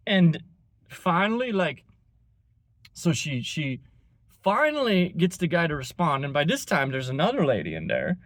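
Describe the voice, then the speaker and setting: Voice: mid-range voice, dry recording. A vlogger casually telling an anecdote, rambling with lots of fillers and chuckles.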